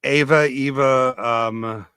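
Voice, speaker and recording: A man's voice: medium pitch, steady tone, takes it slowly, a bit bright, clean tone, no room sound, studio quality. An older American man in a casual podcast chat, wry and self-deprecating. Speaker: podcast co-host.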